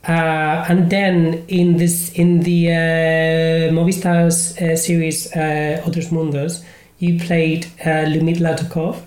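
A woman's voice: sits low, little pitch movement, slow, darkish tone. A woman hosting a podcast interview, talking hesitantly with many fillers. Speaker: podcast host. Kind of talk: casual interview chat. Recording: roomy echo.

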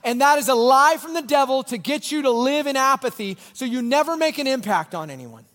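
A man preaching a sermon as pastor, telling a story with lively swings from loud bursts to quiet, intense moments. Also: extremely high pitch, a little fast, long reverb tail.

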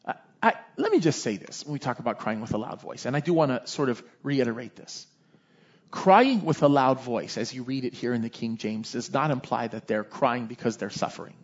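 A male pastor preaching a sermon in a lively, conversational way, often tossing in "right?" asides. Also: medium pitch, fairly quick, dull audio.

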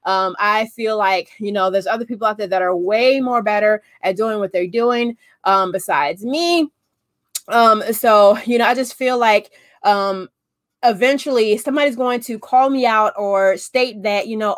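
A woman coaching in a casual, chatty way, often checking in with "okay?" and acting out quotes in animated voices. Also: mid-range voice, normal speed, no room sound, studio quality. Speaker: business coach. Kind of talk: casual talk to camera.

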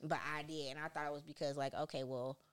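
A woman's voice: low-pitched, level tone, fast talker, clean tone. A young woman hosting a podcast, chatting casually with her mother and laughing often. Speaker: podcast host. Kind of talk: casual chat.

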